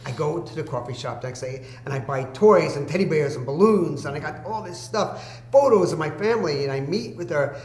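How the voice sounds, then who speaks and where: A man's voice: fairly high pitch, lively intonation, brisk, hardly any pauses, darkish tone. A man telling a long personal story as a podcast guest, acting out the people he quotes. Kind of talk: storytelling in casual conversation. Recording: echoey room with faint hum.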